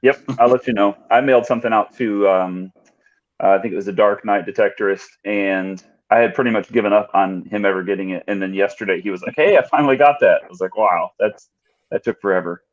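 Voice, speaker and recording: A man telling a relaxed, plain story about his metal detecting hobby on a video call. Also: fairly low pitch, quick pace, lo-fi sound. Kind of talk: casual chat.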